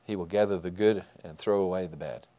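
A man preaching a sermon to his congregation, emphatic, rising loud and falling quiet. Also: low voice, a little fast. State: tearful while reading scripture. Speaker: pastor.

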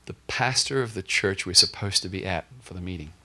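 A man preaching a sermon through a personal story, lively, acting out the dialogue in a raised voice. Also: low-pitched, brisk. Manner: animated, acts out dialogue in a raised voice.

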